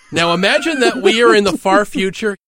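A man in casual podcast chat reviewing a film, animated and profane, laughing often. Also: high-pitched, normal speed, dry recording, studio quality. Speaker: podcast co-host.

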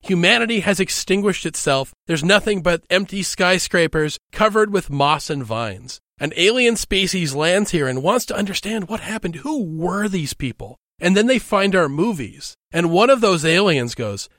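A man in casual podcast chat reviewing a film, animated and profane, laughing often. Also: high voice, moderate pace, few pauses, dry recording, studio quality. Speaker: podcast co-host.

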